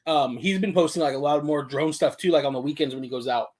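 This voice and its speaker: A man's voice: a little high, fast talker, a little mellow. A young adult man co-hosting a casual chat stream, talking in a laid-back, rambling way full of fillers. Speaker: co-host.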